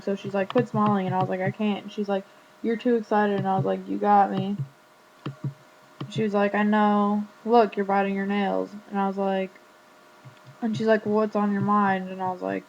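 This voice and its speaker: Chatty teenage girl, flat lo-fi audio. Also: mid-range voice. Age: teens. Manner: chatty, retelling a conversation with lots of "like". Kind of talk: casual storytelling vlog. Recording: dull lo-fi webcam audio with faint hum.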